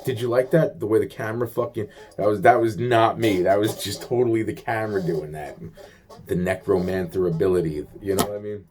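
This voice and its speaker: A man's voice: fairly low pitch, fairly quick, a little mellow. A man venting in a rambling casual monologue, agitated, profane and full of repeated fillers.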